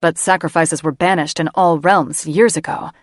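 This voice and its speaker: A woman narrator voicing a protective young male mage who speaks low, soothing and earnest in an audiobook. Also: fairly even intonation, moderate pace, dry recording, studio quality, natural voice. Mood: tender, earnest. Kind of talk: audiobook character reading.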